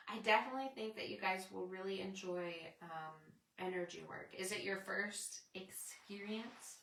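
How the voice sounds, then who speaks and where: A woman's voice: mid-range voice, normal speed, gravelly, hardly any pauses, fairly bright tone, echoey room, recorded from a distance, a little hiss or hum. A woman hosting a casual, rambling spiritual chat with her viewers. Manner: rambling, chatty, reads out viewer comments. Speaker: spiritual livestream host.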